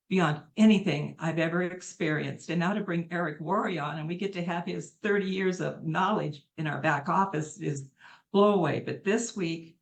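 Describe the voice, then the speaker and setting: A woman's voice: fairly low pitch, gravelly. Middle-aged woman, heartfelt testimonial on a video call, earnest and effusive. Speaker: testimonial speaker on a live call.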